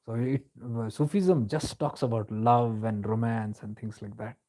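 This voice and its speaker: Guy giving a calm spiritual talk, warm mellow voice, chatty storytelling style. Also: mid-range voice, a little slow. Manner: reflective, conversational storytelling, mixes in Hindi phrases. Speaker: spiritual teacher. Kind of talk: spiritual discourse.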